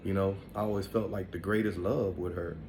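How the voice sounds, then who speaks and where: A man's voice: low-pitched, steady tone, fairly quick, noisy background. Laid-back man telling family stories. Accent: African American Vernacular English. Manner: laid-back, rambling, full of "man" and "you know". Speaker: podcast host. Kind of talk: casual storytelling monologue.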